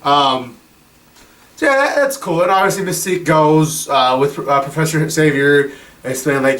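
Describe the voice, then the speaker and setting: A man's voice: fairly high pitch, lively intonation, normal speed, a bit bright, recorded from a distance. Rambling profane young guy reviewing films. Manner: rambling, profane, filler-heavy. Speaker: movie reviewer. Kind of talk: casual profane film review vlog.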